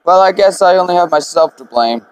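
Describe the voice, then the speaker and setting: A man's voice: high voice, animated, brisk, smooth, no room sound, low-quality recording. A man voicing a grieving elderly widow who is being evicted from her home. He speaks in an apologetic, motherly way while reading the game's dialogue aloud. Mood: resigned.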